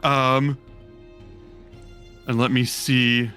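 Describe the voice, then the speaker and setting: A man's voice: medium pitch, flat delivery, drawn-out words, sharp tone, faint music behind. A man narrating a tabletop game as game master, rambling with many fillers.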